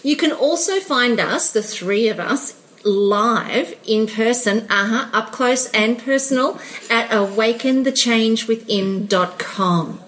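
A woman's voice: on the high side, takes it slowly, a bit bright, poor audio. A woman hosting a podcast, reading out the show's sign-off in a bubbly manner and laughing often. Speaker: podcast host. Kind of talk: scripted show wrap-up.

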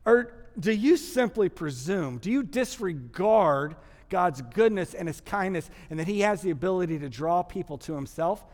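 A pastor from Texas with a Texan accent, preaching a sermon with animated, humorous storytelling. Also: male voice, high voice, normal speed. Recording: long hall reverb.

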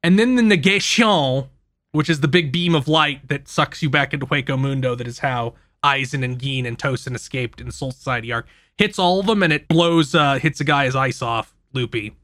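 A man hosting a podcast who casually recaps an anime, telling it in an animated, profane way. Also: medium pitch, moderate pace, no room sound. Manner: animated, profane storytelling with frequent laughs. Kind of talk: casual chat.

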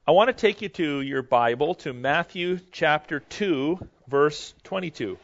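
Teaching a Bible history lesson, a man with a high-leaning voice and lively intonation speaks a little slowly, explaining things conversationally and often restarting his sentences. The recording is dull and lo-fi.

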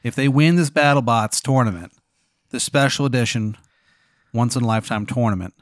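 Brief: man voicing an edgy wizard with a Maryland accent, mid pitch, dry. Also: fairly quick, no room sound, lightly acted. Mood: urgent. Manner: breathing heavily, pushy. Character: male wizard in purple robe, on edge.

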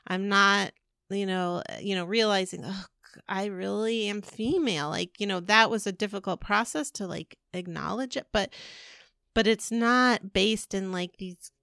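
A woman's voice: medium pitch, moderate pace, vocal fry, pushed and bright, clear, resonant tone, no room sound, studio quality. A woman in her forties co-hosting a podcast, chatting casually and rambling with lots of fillers and restarts. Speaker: podcast co-host. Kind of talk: casual chat.

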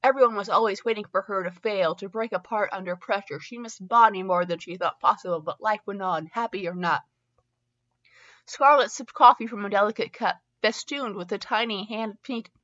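Here a podcast host reads fanfiction out loud, often fumbling words and laughing at herself, tossing in comic asides between passages. She speaks at a normal speed with a medium-pitched, fairly bright voice, though the audio comes across dull.

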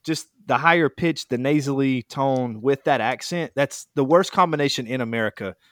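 A man co-hosting a sports podcast, giving opinions in lively casual chat. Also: medium pitch, moderate pace, dry recording, studio quality. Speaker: podcast co-host.

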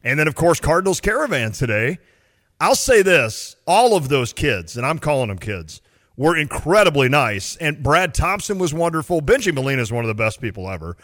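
Bright-voiced playful radio co-host, man, lively pitch swings, reverberant studio sound. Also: fairly quick. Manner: animated, playful, mimics people in quotes. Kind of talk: casual sports radio chat.

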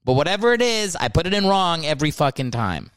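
A man's voice: a little high, sing-song, quick pace, a bit bright, smooth, no echo, clean studio sound. A man hosting his own podcast, rambling and joking about himself in a casual solo monologue, with some swearing. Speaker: podcast host and comedian. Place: indoors, seated on a creaky chair.

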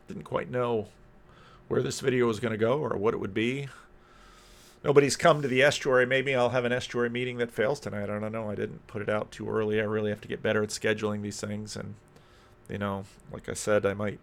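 A man's voice: lowish voice, a bit bright. A man who is a Christian minister, giving reflective video commentary and thinking aloud, often repeating words and phrases.

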